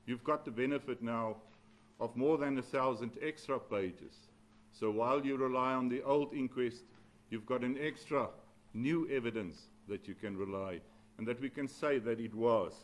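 A man, an advocate arguing formally in a courtroom, measured and deferential, with some hesitations. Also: fairly low pitch, poor audio. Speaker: advocate addressing a judge.

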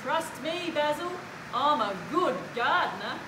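A woman voicing a calm male gardener in a children's story, patient and reassuring. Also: sits high, unhurried. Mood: steady. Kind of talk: children's story read-aloud. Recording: roomy hall with background noise.

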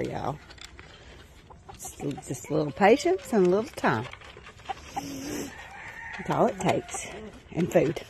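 A woman's voice: medium pitch, very animated, slow, pauses often. A woman with a drawl chats to her donkeys and to her viewers while filming on a phone. Her voice swoops up and down as she coos affectionately at the animals. Faint outdoor noise and clucking chickens sit behind her. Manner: affectionate baby talk to animals, chatty asides to viewers. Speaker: small farm owner filming her animals. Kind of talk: casual farm vlog, talking to animals and viewers. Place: outdoors in a farm pasture. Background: chickens clucking and roosters.

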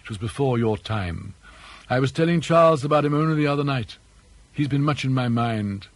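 A man's voice: medium pitch, no room sound, natural voice. A man voicing an elderly English father who is dry, mischievous and mock-courteous, with an arch, ironic manner. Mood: teasing. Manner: arch, ironic, drawn-out emphasis.

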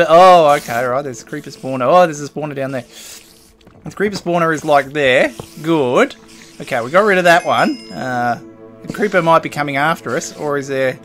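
A man's voice: on the high side, a bit bright. Chatty man narrating his gameplay. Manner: chatty, playful, talks to creatures in game. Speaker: gaming video host. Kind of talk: casual gameplay commentary.

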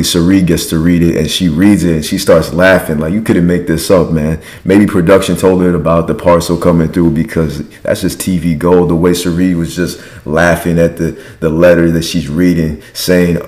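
A man's voice: sits low, a little mellow. A man hosting a podcast, giving a casual, slangy recap and acting out quotes. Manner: slangy, acts out houseguests' lines in quotes. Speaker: podcast host. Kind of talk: casual reality-show recap.

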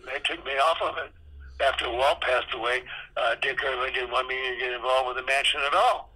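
A little fast and husky, his mid-range voice bright and forceful, a retired theme park designer in his eighties tells frank, salty stories in a podcast interview. He acts out past conversations, and the audio quality is poor.

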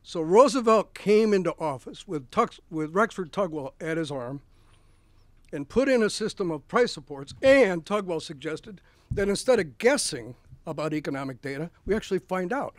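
A man's voice: high voice, expressive, normal speed, dry recording. A male author giving a book talk, telling history as anecdotes. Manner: anecdotal storytelling with acted quotes. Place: bookstore event.

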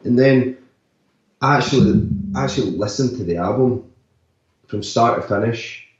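An actor and musician talking loosely in an interview, full of "like" and "sort of" fillers. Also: male voice, mid-range voice, moderate pace. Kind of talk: casual interview talk. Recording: echoey, distant, slightly dull remote audio.

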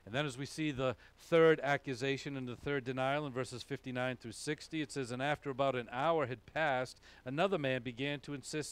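A man's voice: mid-range voice, fairly even intonation, a little fast, few pauses, clean tone, no room sound. A man with a Boston accent preaching a sermon in a conversational way, often checking in with "okay?". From New England, USA. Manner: conversational, frequent "okay?" asides. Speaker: pastor.

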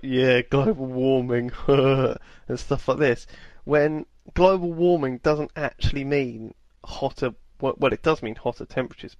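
A man's voice: medium pitch, no room sound, lo-fi sound. Chatty man from England with a dry sound. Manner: chatty, quick to laugh, playful interviewer. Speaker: podcast host. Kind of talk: casual comedy chat.

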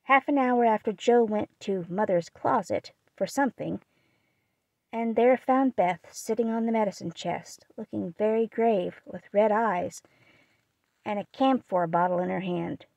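A woman narrating a classic novel as an audiobook, with a steady, expressive reading. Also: medium pitch, unhurried, vocal fry, dry recording. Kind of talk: scripted narration.

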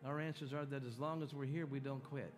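A man's voice: mid-range voice, steady tone, fairly quick. A man preaching at a church healing meeting, folksy and exhorting, calling out to the crowd. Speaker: evangelist leading a healing meeting. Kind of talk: sermon with audience call-and-response. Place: church sanctuary with worship music. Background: music playing.

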